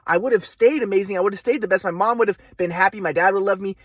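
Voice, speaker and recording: A man telling a personal story in a fast, repetitive, aggrieved monologue. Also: high voice, no room sound, studio quality. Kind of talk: rambling monologue.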